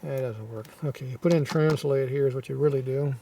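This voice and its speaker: Recorded from a distance, a man with a scratchy, sore throat reads viewer comments in a casual, offhand manner, often clearing his throat and muttering asides. His voice is medium-pitched and warm, and he talks fairly quickly.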